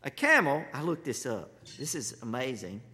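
A man's voice: medium pitch, big pitch swings, normal speed, pushed and bright. A man, a pastor, preaching a sermon with humorous, conversational storytelling. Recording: long hall reverb.

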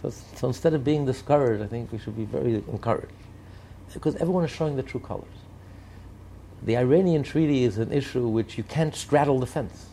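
A man's voice: mid-range voice, a little fast, vocal fry, dark tone. Man, emphatic political commentary, repeating phrases, slight hiss behind. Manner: emphatic, repetitive rhetorical lists.

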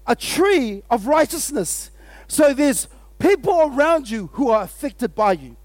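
High-voiced, fired-up man preaching. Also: dry recording. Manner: energetic and exclamatory, often laughing, calls out to the audience. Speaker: pastor. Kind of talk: sermon.

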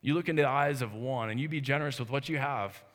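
A fast-talking pastor in his thirties preaches earnestly and conversationally, restarting sentences along the way. The church sanctuary reverberates, and his mid-range voice has a fairly bright tone.

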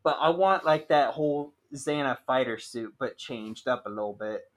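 A man's voice: mid-range voice, normal speed. A young man co-hosting a podcast, telling rambling stories with lots of "like" in casual chat. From Ohio, USA. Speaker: podcast co-host.

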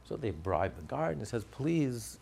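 A man teaching through a religious tale, his low voice gravelly and a little husky. His pitch swings widely as he narrates and acts out what the characters say. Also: fairly quick. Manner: animated, acts out the characters' lines. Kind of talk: storytelling lesson.

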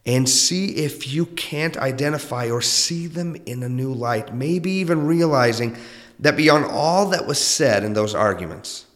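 A man hosting a podcast monologue, earnest and reflective, often dropping into a soft, confiding tone. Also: on the high side, in a large hall. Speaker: podcast host.

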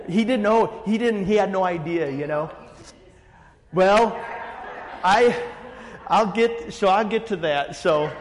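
Male pastor, casual rambling storyteller, slightly high voice, reverberant room. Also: a little hiss or hum. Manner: animated, rambling, many fillers. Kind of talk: casual storytelling in a group chat.

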